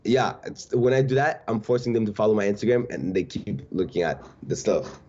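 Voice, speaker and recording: A young social media creator appears as a podcast guest, laid-back and casual, calling the host "bro" during the interview chat. His voice is lowish and dark, expressive and fairly quick, with dull lo-fi sound and slight background noise.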